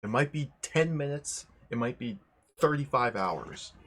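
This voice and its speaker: A man's voice: mid-range voice, animated, a little slow, a bit bright, slightly rough. A young man hosting a livestream, chatting casually, greeting viewers one by one and often rambling and correcting himself. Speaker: livestream host.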